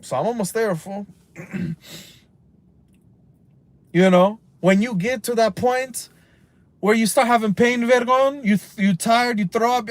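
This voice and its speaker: A man's voice: sits high, measured pace, no echo. A man of about thirty, ranting casually on a live stream from inside a car, heated and profane, rambling and mixing in Spanish slang. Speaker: livestream host.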